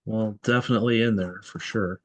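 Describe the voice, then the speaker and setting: A man with a fairly low voice hosts a casual soccer podcast, rambling and thinking aloud. The recording is close and dry. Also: fairly even intonation, brisk, dry recording. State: tired. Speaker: podcast host. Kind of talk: casual sports chat.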